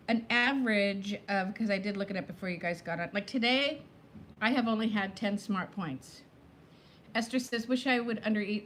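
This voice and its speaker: A woman in her fifties hosting a casual live chat, talking fast between topics and greeting viewers by name. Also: on the high side, a little hiss or hum. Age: 50s. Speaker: livestream host.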